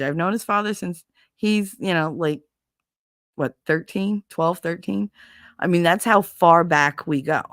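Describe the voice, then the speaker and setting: A middle-aged woman with a New York accent, hosting a podcast and telling a casual story, animated and blunt, laughing often and acting out what people said. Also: on the low side, dry recording, studio quality. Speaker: podcast host.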